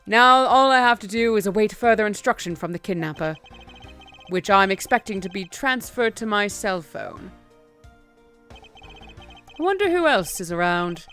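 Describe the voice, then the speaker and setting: Cool male prosecutor, voiced by a woman streamer reading along, composed and restrained, mid-pitched. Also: lively intonation, measured pace, long pauses, fairly bright tone, soft background music. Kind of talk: reading game dialogue aloud.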